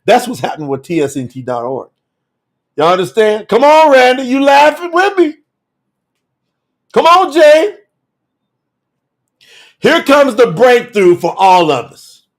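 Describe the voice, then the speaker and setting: A man teaching scripture on a livestream in an animated, colloquial way, laughing often and calling out viewers by name. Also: very high voice, unhurried, long pauses. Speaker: bible teacher.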